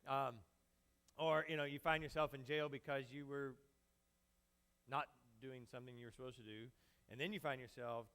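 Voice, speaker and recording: A man's voice: medium pitch, fairly quick, a bit bright. A male pastor preaching a conversational sermon with a handheld mic, casual and joking with the congregation. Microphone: handheld microphone.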